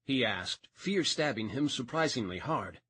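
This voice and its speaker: A man's voice: mid-range voice, lively intonation, a little slow, fairly bright tone, slightly rough, no echo. A man narrating a romance audiobook, reading expressively and changing voice for each character.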